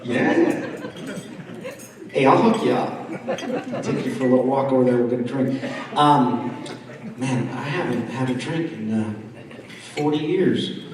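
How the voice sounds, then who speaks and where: A man's voice: mid-range voice, measured pace, long pauses. A man from the East Coast of the United States doing stand-up comedy at a dinner and chatting with the crowd. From East Coast of the United States, around Washington, D.C. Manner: chatty crowd work, often asking the audience questions. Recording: echoey hall, voice from far off.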